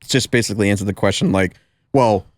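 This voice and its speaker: A man who is a comedian guest on a podcast, in casual chat, thinking out loud with hesitations and fillers. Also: mid-range voice, animated, fast talker, no room sound.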